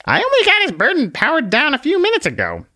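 A squeaky, nagging little conscience. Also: male voice, huge pitch swings, quick pace, pushed and bright, no room sound, studio quality, heavily acted. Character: tiny, anxious, nagging conscience.

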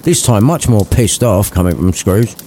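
A man's voice: on the low side, animated, moderate pace, dark tone, a little hiss or hum. A man narrating a crude comic retelling with cheeky asides.

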